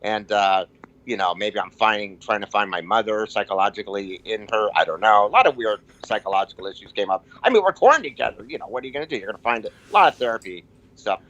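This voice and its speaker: A man guesting on a comedy podcast, rambling and halting in casual chat, with frequent restarts and self-mocking asides. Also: lowish voice, fairly bright tone, highs cut off.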